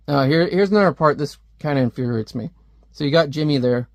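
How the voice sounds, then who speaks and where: A man's voice: fairly high pitch, brisk, no echo. A man giving a casual, wry comic book review with a conversational manner.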